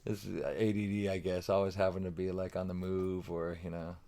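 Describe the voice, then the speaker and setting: A man's voice: sits low, flat delivery, a little fast, gravelly, mellow. A middle-aged man talking casually as a podcast guest, rambling with many restarts and fillers. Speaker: guest drummer.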